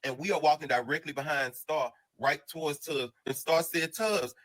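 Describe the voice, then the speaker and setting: A man telling a casual storytime monologue in an animated, slang-heavy, rambling way full of restarts. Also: a little high, normal speed, rough recording.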